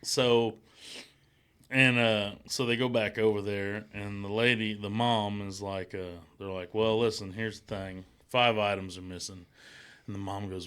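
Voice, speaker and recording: Guy with a slight twang rambling thru a story, bright crisp voice, cussing a lot. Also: fairly low pitch, fairly even intonation, a little slow. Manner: rambling, acts out quotes in raised voices, swears. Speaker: podcast co-host. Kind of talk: casual storytelling chat.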